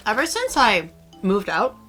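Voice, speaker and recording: A young woman streamer chatting casually in a low-key, rambling way, with lots of fillers as she tells stories. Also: wildly swooping pitch, a little slow, a bit bright, soft background music. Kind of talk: casual chat.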